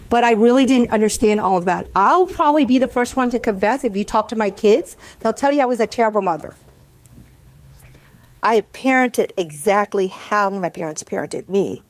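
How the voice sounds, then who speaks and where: Candid middle-aged woman, higher voice. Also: a little mellow, dry recording. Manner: candid, earnest, confessional; conversational with frequent restarts. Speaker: panelist, community program leader. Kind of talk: panel discussion talk.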